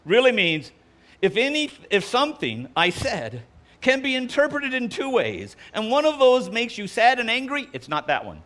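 A man preaching a sermon, delivering jokes in an animated, playful way before reading scripture. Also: very high-pitched, measured pace. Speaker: pastor.

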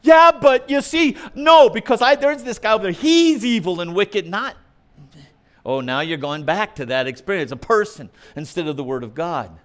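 Male preacher, high voice, very lively pitch, emphatic, argumentative sermon. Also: normal speed. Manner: emphatic, argumentative, mimics opponents' objections; swings between loud punchy lines and quiet asides.

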